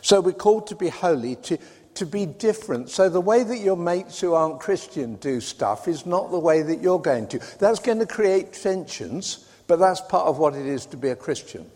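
A man's voice: high-pitched, lively intonation, moderate pace, a little mellow. A man from Britain preaching a sermon in a conversational way, with wry asides. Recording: reverberant hall.

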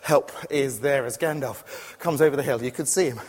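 A man delivering a lively sermon in a church hall, his voice trailing off in a long reverb. He tells stories with animated energy and breaks into sudden loud, excited bursts. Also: medium pitch, a little fast. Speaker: preacher.

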